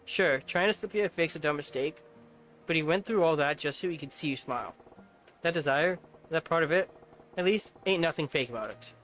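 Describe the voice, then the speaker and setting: A man's voice: on the high side, a little fast, fairly bright tone, faint music behind, lightly acted. A man voicing a blunt, streetwise male yakuza in a video game, lecturing in slangy speech. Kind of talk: reading game subtitles aloud in voices.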